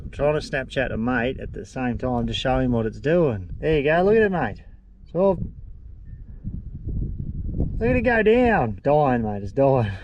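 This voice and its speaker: A man's voice: mid-range voice, animated, measured pace, pauses often, muffled recording, noisy background. A young Australian man vlogging casually from his car and campsite, chatty and laid-back, full of slang and calling the viewers mate. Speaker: travel vlogger. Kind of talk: casual vlog chat to camera. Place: outdoors and in a car on a road trip.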